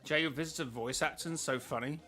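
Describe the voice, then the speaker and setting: A man's voice: on the high side, a little fast, pushed and bright, faint music behind. A man streaming a game, chatting casually with his viewers in a rambling, self-interrupting way. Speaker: gaming streamer.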